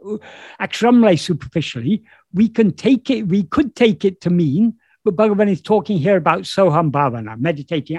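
Husky-voiced man on a video call. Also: high-pitched, animated, normal speed, darkish tone, dry recording. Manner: thoughtful, repeats and rephrases himself. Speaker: spiritual teacher. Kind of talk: explanatory talk on a video call.

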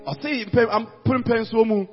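A man interpreting a sermon line by line, forceful and echoing each phrase of the preacher. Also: extremely high pitch, fairly even intonation, normal speed. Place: large church hall. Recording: echoey hall, dull sound, faint music.

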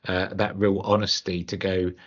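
A man's voice: low-pitched, flat delivery, moderate pace. A man hosting a podcast, musing reflectively and ending thoughts with tag questions. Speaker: podcast host. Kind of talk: conversational podcast interview. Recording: dull lo-fi podcast audio.

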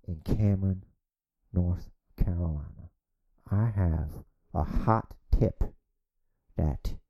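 A secretive male reporter put on by a man whispers low and close, in a whispered role-play. His voice drops well below the man's own and stays hushed and conspiratorial, as if creeping around somewhere he should not be. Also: gravelly, muffled recording, heavily acted.

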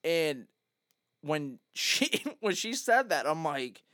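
A young man with a bouncy, lively voice chats on a podcast, laughing often and repeating his words as he stammers along. His tone sits fairly high, and the sound is dry and close. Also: slow, no echo. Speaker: podcast co-host. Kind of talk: casual chat.

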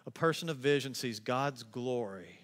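A man preaching a sermon as pastor, animated, acting out the people in his story in a raised voice. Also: normal speed. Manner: animated preaching, acts out quotes in a higher voice. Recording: long reverb of a large hall.

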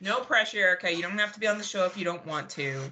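A woman's voice: lowish voice, racing, bright, forceful tone, slight background noise. A woman co-hosting a podcast in casual chat, laughing often and swearing freely. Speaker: podcast co-host.

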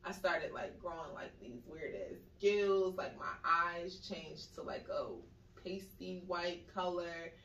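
Woman, casual slangy storytelling, lively quoted voices, echoey room, mic set back. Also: on the low side, slow, far from the mic.

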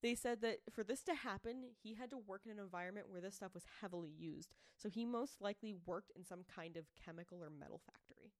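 A woman's voice: medium pitch, fast, hardly any pauses, no echo, studio quality. A woman co-hosting a podcast, telling a true-crime case in casual chat and acting out quoted people. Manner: chatty storyteller, animated quoted voices, frequent "like" and "um". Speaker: podcast co-host presenting the case.

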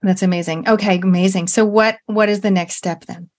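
This woman's voice is mid-range with fairly even intonation, and she talks briskly. As a podcast host in a casual interview, she is enthusiastic and supportive of her guest.

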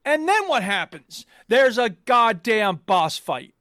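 A man co-hosting a podcast, ranting in casual chat with animated exasperation and plenty of swearing. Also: very high-pitched, slow, no room sound, studio quality. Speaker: podcast co-host.

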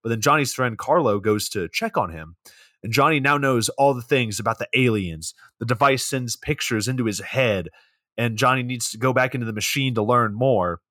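A man's voice: mid-range voice, bright, forceful tone, no room sound, clean studio sound. A young man co-hosting a podcast, recapping a film in a sarcastic, rambling way with plenty of swearing. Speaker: podcast co-host. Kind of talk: casual comedic movie recap.

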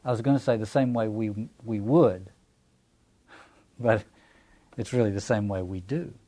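Southern American man as a scripture lecturer; relaxed, mellow delivery, musing aloud. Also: fairly low pitch, unhurried. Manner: thoughtful, restarting phrases, rhetorical questions. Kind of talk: reflective lecture.

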